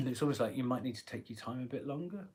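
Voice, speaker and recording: A man with a husky voice giving a live tarot reading, chatty and rambling, often clearing his throat. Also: mid-range voice, animated, fairly quick, dark tone, a little hiss or hum. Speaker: tarot reader.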